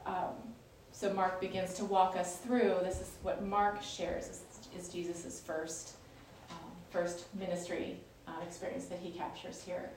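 A woman's voice: fairly low pitch, flat delivery, a little slow, few pauses, a little mellow, slight background noise. A woman leading a Bible study, explaining scripture in a chatty, conversational way with frequent fillers and restarts. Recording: echoey room, distant mic.

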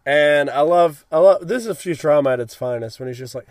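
Excitable young man recapping cartoons. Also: on the high side, fairly quick, dry recording. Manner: excitable, acts out quotes in goofy voices. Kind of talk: casual episode recap chat.

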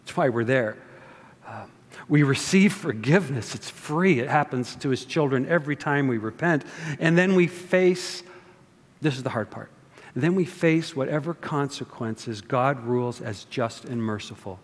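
A man's voice: mid-range voice, lively intonation, normal speed. Male pastor, sermon, chatty asides to the congregation, long hall reverb. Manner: conversational, with rhetorical asides to the congregation.

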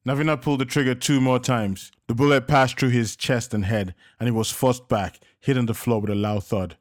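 A man narrating a scripted story in a steady, measured reading. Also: mid-range voice, no room sound, studio quality.

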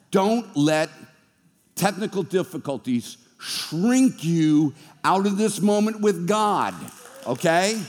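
Jokey, animated preacher, man, fairly high voice, preaching in a reverberant church hall. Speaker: pastor. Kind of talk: sermon. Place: church hall being filmed for streaming.

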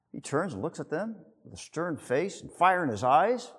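A man's voice: on the high side, very animated, moderate pace, husky, long reverb tail. A man preaching a sermon who reads scripture and retells it as a vivid story full of rhetorical questions. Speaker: pastor.

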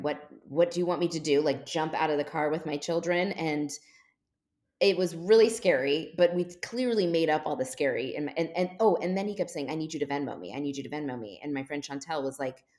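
A woman's voice: low voice, brisk. A woman in her forties, a podcast guest, telling a long funny story in casual chat and jumping into quoted voices. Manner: animated, jumps into quoted voices.

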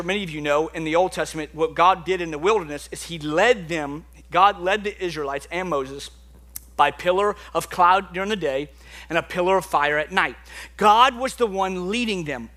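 Young male preacher, high bright voice, animated conversational delivery, church sermon. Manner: animated, conversational preaching with sudden drops to quiet intensity. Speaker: pastor. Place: church sanctuary.

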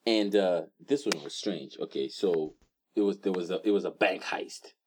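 A young man co-hosting a casual podcast chat, telling stories in an animated way and acting out voices. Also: low voice, normal speed. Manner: animated storyteller, acts out screams and voices. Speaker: podcast co-host.

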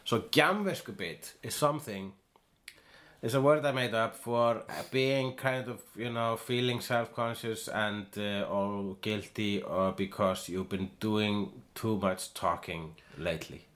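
A man's voice: on the low side, unhurried, a bit bright. A man from Iceland co-hosting a podcast, chatting casually with a lot of hesitation and restarts. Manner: hesitant, many fillers and restarts. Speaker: podcast co-host. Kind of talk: casual chat.

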